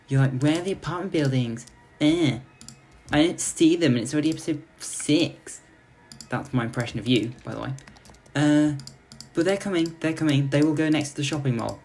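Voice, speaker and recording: A man's voice: mid-range voice, creaky, slight background noise. A young man giving gameplay commentary as host, sarcastically ranting at his in-game citizens like a petty tyrant. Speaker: let's play host.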